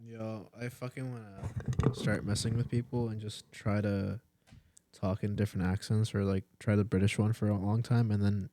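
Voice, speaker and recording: A man's voice: fairly low pitch, flat delivery, moderate pace, mellow, a little hiss or hum. A man co-hosting a casual podcast, joking loosely and swearing freely. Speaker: podcast co-host. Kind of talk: casual chat.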